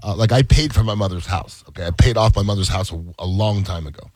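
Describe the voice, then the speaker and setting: A man's voice: fairly low pitch, fast talker, darkish tone, no room sound. A man in casual chat, recalling a personal story with wry asides.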